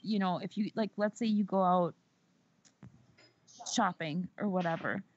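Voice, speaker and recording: A woman's voice: on the low side, a little slow, slight background noise. A woman from the Southern United States hosting a podcast in casual chat. She talks in a chatty, profane way and repeats words for emphasis. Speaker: podcast host. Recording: slightly dull audio.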